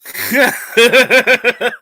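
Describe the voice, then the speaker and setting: A man's voice: extremely high pitch, little pitch movement, very slow, sharp tone, no room sound. A man hosting a casual livestream, reading the chat aloud and laughing often. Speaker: livestream host.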